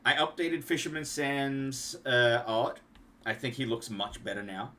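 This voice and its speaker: A man's voice: mid-range voice, fairly even intonation, unhurried, bright, forceful tone. A young man, rambling casually on a livestream as he shows off card designs he made, trailing off and restarting often. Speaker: streamer and card game designer.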